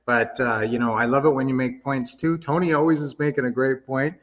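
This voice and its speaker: A man's voice: mid-range voice, fairly even intonation, fairly quick, long reverb tail, highs cut off. A middle-aged man hosting a casual coaching livestream, upbeat and motivational, talking straight to his viewers. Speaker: livestream host, real estate coach.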